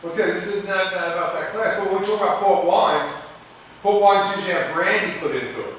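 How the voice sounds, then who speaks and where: A man lectures a class in a loose, rambling way, repeating words and tossing questions at his students. His voice sits a little high. He is recorded from a distance in a very echoey room, with faint background noise. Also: a little fast, a bit bright. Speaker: cooking instructor.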